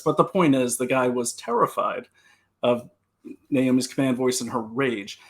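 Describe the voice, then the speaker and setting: Gravelly-voiced man telling a story. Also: medium pitch, moderate pace. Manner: animated storyteller, repeats words when starting. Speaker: security consultant. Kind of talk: live-stream conversation. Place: home, talking to a computer.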